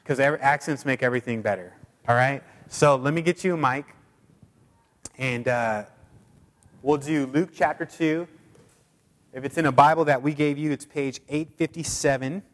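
A man's voice: mid-range voice, normal speed, pauses often. A male pastor preaching and praying to his church in a loose, conversational way, with many fillers and restarts. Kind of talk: sermon and prayer. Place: church sanctuary. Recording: long hall reverb.

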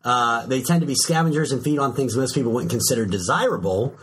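A man's voice: mid-range voice, animated, fast talker, fairly bright tone, husky. A man hosting a casual podcast chat, joking and laughing often as he reads facts aloud. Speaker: podcast host.

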